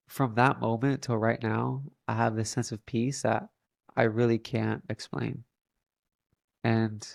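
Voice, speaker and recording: A man's voice: mid-range voice, creaky, dry recording, clean studio sound. A young man telling a personal story in a casual, earnest way, often saying "like" as a filler. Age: young adult. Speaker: podcast guest.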